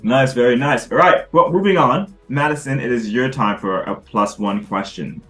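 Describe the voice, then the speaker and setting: A man's voice: medium pitch, normal speed, fairly bright tone, soft background music. Easygoing male host. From New York area. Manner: easygoing, short affirmations like "nice, very nice". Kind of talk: casual interview chat.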